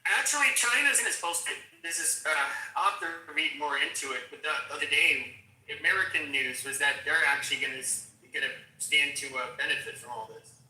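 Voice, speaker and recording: A man's voice: a little high, animated, a little fast, pushed and bright. A man in casual livestream chat, rambling with many fillers, swearing and restarts. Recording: roomy echo, distant mic.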